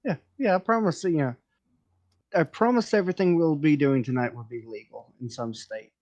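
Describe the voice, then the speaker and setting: A man's voice: fairly high pitch, normal speed, darkish tone. A man hosting a casual group voice chat, rambling and joking with many fillers and restarts as he leads a drawing session. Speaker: stream host leading a drawing session.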